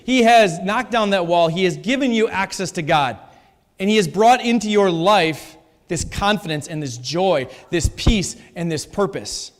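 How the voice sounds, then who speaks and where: A man's voice: sits high, animated, a little slow. A man preaching a sermon in a church, emphatic and repeating his key phrases. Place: church sanctuary. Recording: long reverb of a church hall.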